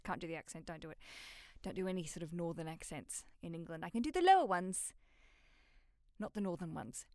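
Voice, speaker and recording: A woman's voice: lowish voice, clean tone, no room sound. An Australian woman hosting her own podcast, chatting casually, rambling and swearing freely with self-mocking asides. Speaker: podcast host. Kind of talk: casual solo podcast chat.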